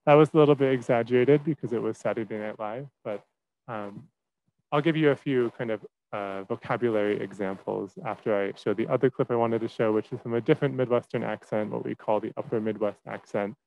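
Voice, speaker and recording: A man's voice: mid-range voice, brisk, gravelly, highs cut off. Young man, teaching fellow, class presentation, lots of ums, easygoing delivery. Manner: relaxed, many fillers and restarts.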